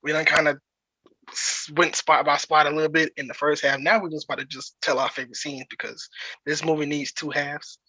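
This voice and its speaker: A man's voice: on the high side, flat delivery, fairly quick, bright, forceful tone, no echo, poor audio. A man hosting a podcast, chatting casually and in a laid-back way about a movie. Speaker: podcast host.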